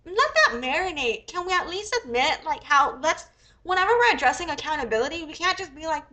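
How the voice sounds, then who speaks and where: A woman's voice: high-pitched, expressive, brisk, bright, forceful tone. A young American woman hosting a casual livestream, a bit sick, rambling and swearing as she thinks aloud. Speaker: livestream host.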